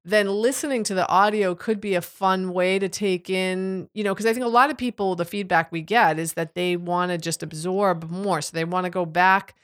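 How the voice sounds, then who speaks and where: A woman's voice: on the low side, steady tone, moderate pace, hardly any pauses. A woman co-hosting a podcast in casual, agreeable chat. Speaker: podcast co-host.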